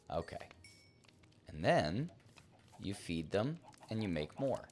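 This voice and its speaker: Deep-voiced playful male streamer. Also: big pitch swings, slow pace, pauses often, very noisy. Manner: playful, rambling, talks to himself and the game. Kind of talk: casual gameplay commentary.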